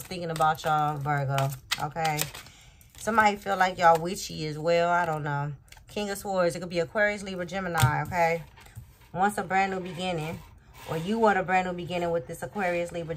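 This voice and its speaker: A woman's voice: fairly low pitch, brisk, background noise. A woman giving a casual tarot reading, rambling and asking "okay?" again and again. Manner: rambling, repeats "okay?" often. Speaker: tarot reader.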